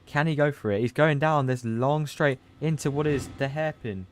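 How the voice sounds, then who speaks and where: A man's voice: a little high, normal speed, a little hiss or hum. Guy doing live race commentary, chatty, gets really hyped when the times drop. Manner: excitable, rises sharply at big moments; loose, chatty, with restarts and asides. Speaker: team manager.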